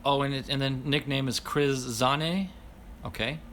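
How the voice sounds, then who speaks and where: A man's voice: medium pitch, steady tone, measured pace, fairly bright tone, a little hiss or hum. A man hosting a casual livestream and reading viewer comments aloud, apologetic and self-deprecating, laughing often as he stumbles over names. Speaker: livestream host.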